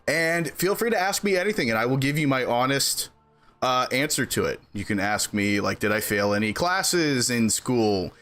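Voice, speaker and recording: A man streaming, chatting casually with his viewers in an animated way and laughing between sentences. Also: medium pitch. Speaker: game streamer.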